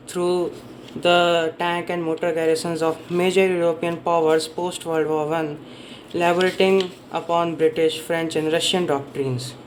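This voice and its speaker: A man's voice: fairly high pitch, slight background noise, rough recording. Man casually summarizing a history book. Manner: rambling, self-correcting, stumbles over names. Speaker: book reviewer.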